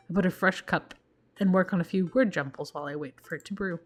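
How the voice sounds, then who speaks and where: A woman's voice: fairly low pitch, quick pace, soft background music. A woman reading narration from a dating game aloud in a playful, casual way. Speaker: let's play streamer. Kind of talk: reading a visual novel aloud.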